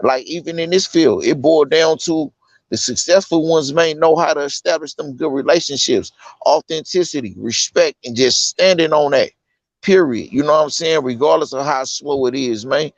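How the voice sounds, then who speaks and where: On the high side and at normal speed, this incarcerated guest from California talks casually yet insistently, dropping street slang and fillers like "you know what I'm saying." The recording has no room sound but a dull lo-fi quality.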